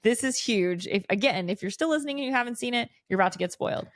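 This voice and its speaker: A woman's voice: on the high side, fast, no room sound, clean studio sound. A woman co-hosting a podcast, eagerly recapping a film in an unscripted review chat. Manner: gushing, animated recapping of plot. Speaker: podcast co-host.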